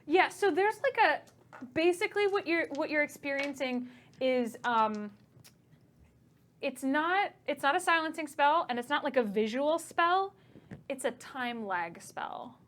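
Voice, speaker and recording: Casting: young woman game master, slightly high voice, casual and chatty. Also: animated, unhurried, a bit bright. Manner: chatty, casual, many fillers. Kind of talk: narrating a tabletop game.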